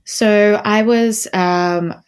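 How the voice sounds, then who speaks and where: A woman's voice: medium pitch, fairly even intonation, very slow, clean tone. A young Australian woman from Melbourne, chatting as an interview guest with lots of fillers and restarts. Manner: chatty, many fillers and restarts, laughs easily. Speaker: guest, model. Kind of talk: casual interview chat.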